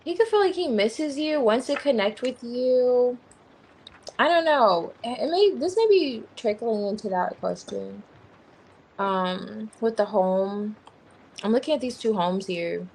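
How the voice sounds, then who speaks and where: A woman's voice: on the high side, animated, unhurried, a little mellow, a little hiss or hum, rough recording. A woman giving a tarot reading on a livestream, thinking aloud as she turns over cards. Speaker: tarot reader.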